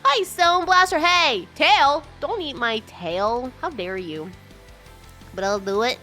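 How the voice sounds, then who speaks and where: A bubbly woman chats with her live-stream viewers, her voice high and very bright. She greets people in a sing-song and laughs easily while she talks. Faint music plays under her voice. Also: slow pace. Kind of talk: casual live-stream chat.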